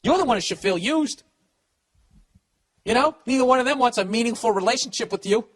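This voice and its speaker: A man's voice: very high-pitched, lively intonation, brisk. A man hosting a podcast, giving blunt comedic advice in a profane rant full of stammered restarts. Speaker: podcast host.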